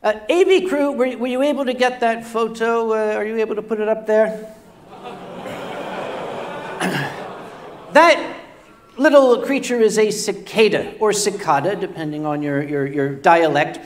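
High-voiced older man telling stage stories. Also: unhurried, long pauses. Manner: self-deprecating, stammers and repeats words. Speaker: on-stage storyteller. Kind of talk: comedic stage storytelling. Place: convention stage before a live audience.

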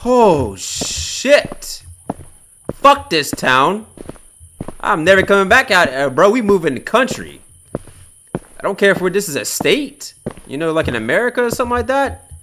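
A young man giving casual commentary on a horror game, loud, jumpy and swearing, taunting the monster and then panicking. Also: high voice, very animated, brisk, slight background noise. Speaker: gameplay streamer.

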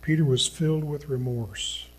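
A man preaching a sermon as a pastor, reading scripture in an earnest, slow manner that sinks to a hushed tone at solemn points. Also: a little high, breathy edge, poor audio.

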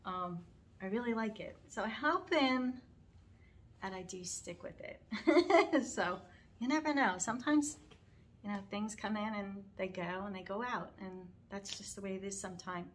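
A woman's voice: mid-range voice, moderate pace, slight background noise. Middle-aged woman, casual vlog storytelling, rambling, heartfelt, near tears, nervous little laughs. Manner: rambling and heartfelt, with frequent fillers and restarts. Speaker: cross-stitch vlogger.

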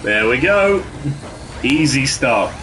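A man's voice: medium pitch, big pitch swings, slow pace, music in the background. A man chatting casually with his viewers while streaming a game from his bedroom, laughing often and bantering with the chat.

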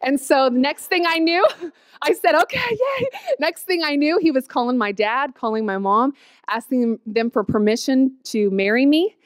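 Woman, 30s, lively testimony storyteller, higher voice, dry close sound. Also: moderate pace, clear, resonant tone, no room sound. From Oklahoma, USA. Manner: animated storytelling, quotes herself with squeals and laughs. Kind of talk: personal testimony.

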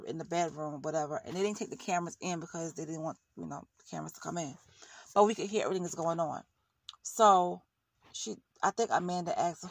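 Ranting woman with a gravelly voice. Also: fairly low pitch. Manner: blunt, heated, ranting with slang. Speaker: YouTube reality-show commentator. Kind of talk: casual reaction commentary.

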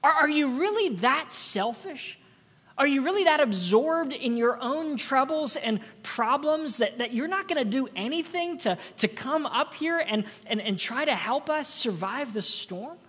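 A woman's voice: high voice, expressive, unhurried, fairly bright tone, big-room sound, pitched above the performer's own voice. A woman preacher voicing a stern male ship captain who scolds a sleeper, urgent and raised. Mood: scolding.

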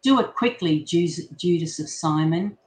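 A woman reading the lines of Jesus, a calm man gently teaching his disciples, in a measured, merciful way. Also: fairly low pitch, pitched below the performer's own voice. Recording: roomy echo.

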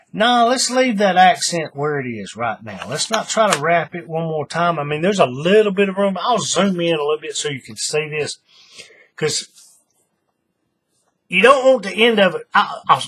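A man's voice: on the high side, sing-song, moderate pace, fairly bright tone, breathy edge. A man hosting a casual craft tutorial, thinking aloud as he works and often restarting his sentences. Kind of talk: casual how-to demonstration.

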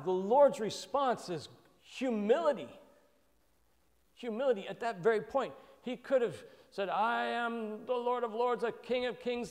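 A man teaching a Bible study with a somewhat high voice. His reflective delivery is full of fillers and restarts. The sound rings with the long reverb of a church hall. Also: a little mellow. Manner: thoughtful, with frequent fillers and restarts.

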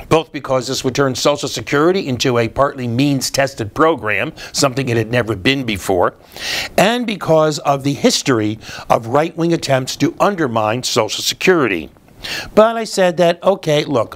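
A man hosting a political commentary show, delivering scripted remarks in a sardonic, explanatory way with frequent filler words. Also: mid-range voice.

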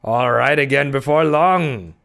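A man voicing a ragged old sailor prophet who speaks with earnest, dark insistence in old-salt dialect, in an audiobook reading. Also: medium pitch, lively intonation, measured pace, smooth, pitched above the performer's own voice, lightly acted. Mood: ominous. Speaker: audiobook reader.

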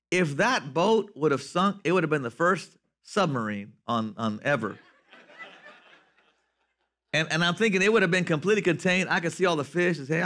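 A man preaching a lively sermon as pastor, swinging from loud to soft. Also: on the high side.

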